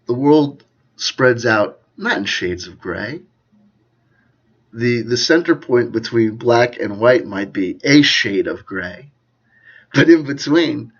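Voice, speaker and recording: A man with a husky, low-pitched voice rambles through his thoughts in a solo commentary. He mocks himself and drifts between loud bursts and near-whispered asides. The recording sounds dull and lo-fi. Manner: digressive, self-mocking, swings between loud and hushed. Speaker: channel host.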